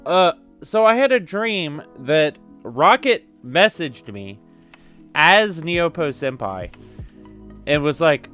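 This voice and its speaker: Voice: medium pitch, very animated, slow pace, fairly bright tone, faint music behind. A streamer hosting a casual interview on a voice call, rambling through stories and laughing. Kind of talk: casual online chat.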